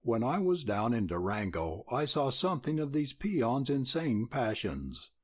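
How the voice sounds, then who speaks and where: A blustering older rancher holds forth in a rolling voice, as a male narrator plays him. The tone is husky and the pitch moves a lot. It is an audiobook reading. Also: big pitch swings, a little slow. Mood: heated.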